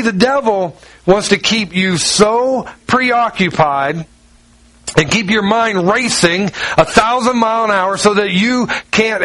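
A pastor preaching a conversational sermon, rambling informally with restarts and slang. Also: male voice, high voice, fairly bright tone, dry recording, rough recording.

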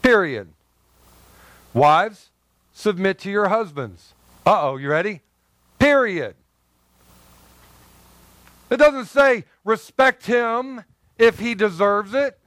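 A man preaching a sermon as pastor, lively and joking, swinging between loud emphasis and soft asides. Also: high-pitched, a little slow, smooth, dry recording.

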